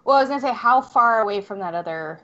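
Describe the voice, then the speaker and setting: A woman playing a tabletop game, asking quick questions in a chatty way. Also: fairly high pitch, lively intonation, fairly bright tone. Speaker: player. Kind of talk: casual tabletop play. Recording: dull lo-fi sound.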